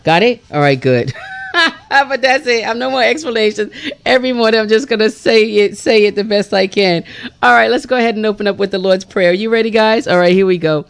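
A radio morning show host, chatting in a lively, casual way with many fillers and leading a devotional segment from a studio. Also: medium pitch, brisk, gravelly, smooth.

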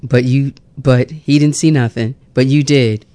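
A woman's voice: very deep voice, fairly even intonation, unhurried, dark tone, dry recording. A woman hosting a call-in show, affirming her caller with short responses and exclamations.

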